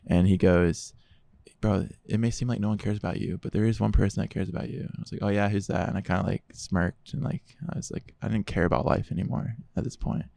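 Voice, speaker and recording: A man speaking as a podcast guest, telling his testimony in a casual, animated way and quoting others in dialogue. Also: on the low side, fast talker, creaky, no echo.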